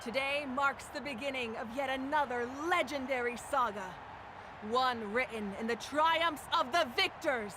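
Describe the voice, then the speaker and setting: A woman voicing a proud, commanding woman who hosts a ceremony, speaking in a slow, solemn, declamatory way. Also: high voice, natural voice. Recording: game audio with crowd and noise.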